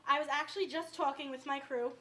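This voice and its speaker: A woman's voice: high voice, fairly even intonation, quick pace, fairly bright tone. Chatty young woman with New York accent. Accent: downstate New York. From Westchester, New York. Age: young adult. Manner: chatty, rambling, says "like" often. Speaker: cooking show host. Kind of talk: casual cooking demonstration.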